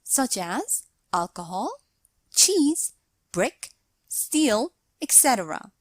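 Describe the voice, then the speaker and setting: A woman narrating a scripted grammar lesson, explaining slowly and deliberately and reading out example sentences. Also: a little high, sing-song, dry recording. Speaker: English teacher.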